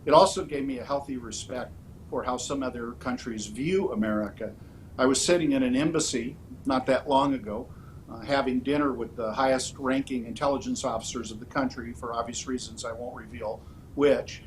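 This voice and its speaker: In an interview, a man running as a political candidate answers in an ordinary mid-pitched voice, setting out his points in a measured, orderly fashion with frequent "uh" fillers. The audio is poor, with light background noise and a faint rumble underneath.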